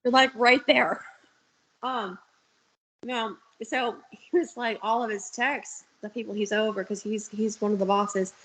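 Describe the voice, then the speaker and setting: A woman's voice: medium pitch, fairly even intonation, unhurried, a bit bright, poor audio. A young woman talking candidly on a video call, telling stories and swearing freely. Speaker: guest. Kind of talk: casual chat.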